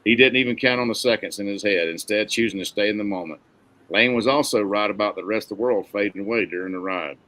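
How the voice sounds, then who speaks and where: A man reading a novel aloud in a steady, plain storytelling manner. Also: fairly low pitch, fast talker, low-quality recording. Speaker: narrator.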